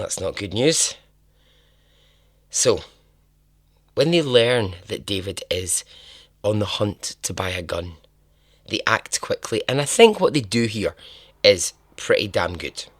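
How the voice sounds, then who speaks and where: Low-voiced man telling a crime story. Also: no room sound, studio quality. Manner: chatty and irreverent, swears, laughs at his own asides. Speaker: podcast host. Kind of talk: casual true-crime storytelling.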